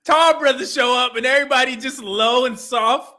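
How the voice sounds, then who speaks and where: Bright high-voiced man reacting casually. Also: normal speed. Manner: laughing, chatty, talks to the screen. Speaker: reaction streamer.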